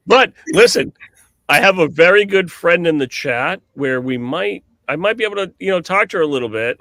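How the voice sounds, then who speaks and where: A man co-hosting a casual cornhole podcast, telling lively stories with lots of fillers and restarts. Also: mid-range voice, no echo. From New England, US. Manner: animated storyteller with frequent fillers and restarts. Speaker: cornhole podcast co-host and commentator.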